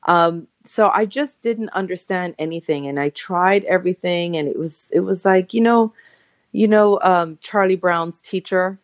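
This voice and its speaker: Chatty woman with a low voice, dry sound. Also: measured pace, no echo. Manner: emotional, chatty, full of "you know" fillers, lively quoted voices. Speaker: interview guest. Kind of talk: personal story in a podcast interview. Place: Los Angeles.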